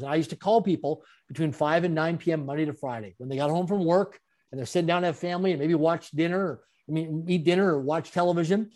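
A man, an interview guest and speaker, telling his story in an animated way with frequent chuckles. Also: fairly high pitch. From Canada.

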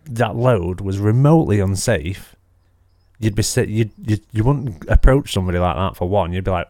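A man's voice: fairly low pitch, lively intonation, normal speed, a little mellow, no room sound, clean studio sound. Sweary man telling a story. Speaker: podcast co-host. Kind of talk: casual chat.

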